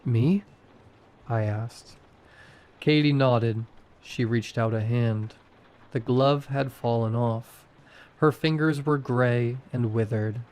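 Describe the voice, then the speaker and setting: Guy reading scary stories real slow, steady middle voice. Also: mid-range voice. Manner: slow, measured delivery. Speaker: storyteller. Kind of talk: scripted horror narration.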